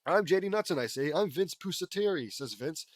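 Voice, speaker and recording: A man's voice: a little high, lively intonation, a little fast, dry recording. A man reading fan fiction aloud, mocking the story in asides between lines and raising his voice for the quoted characters. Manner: mocking, wry commentary between read lines.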